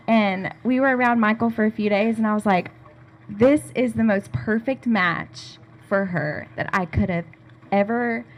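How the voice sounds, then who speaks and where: Twenties, woman, higher voice, unscripted rambling toast. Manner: casual, rambling, with fillers. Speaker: maid of honor giving a toast. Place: rehearsal dinner venue.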